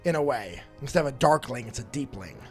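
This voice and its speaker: A man's voice: medium pitch, quick pace, over music. A man co-hosting a tabletop game show as the game master, chatting casually with a dry, teasing manner. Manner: teasing, dry, relaxed banter. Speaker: podcast co-host and game master. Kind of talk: casual chat.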